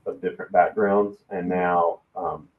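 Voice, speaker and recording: Man, Southern American accent, low voice, hesitant and measured, tinny phone-like sound. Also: steady tone, far from the mic. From Alabama, US South. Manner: measured, hesitant, many pauses and fillers. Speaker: guest, risk management executive. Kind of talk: casual podcast conversation. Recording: tinny phone-like line in an echoey room.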